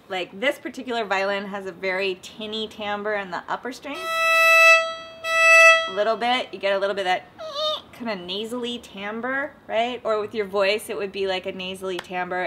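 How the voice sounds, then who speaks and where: A woman being interviewed about her travels and voice work, talking in an animated, self-mocking way and slipping into short sung demonstrations. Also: mid-range voice, poor audio. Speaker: interviewee, voice actor and dialect coach. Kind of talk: casual interview with playful demonstrations.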